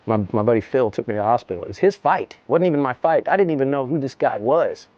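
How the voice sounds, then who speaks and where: A man telling a story in a casual interview, animated, slangy and profane, often repeating himself. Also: mid-range voice, quick pace, no echo, lo-fi sound. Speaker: interview guest.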